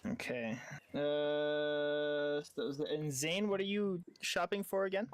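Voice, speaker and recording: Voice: mid-range voice, steady tone, a little slow, clear, resonant tone, no echo. A game master running a tabletop game over voice chat, brash and swearing, laughing a lot. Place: home, voice chat.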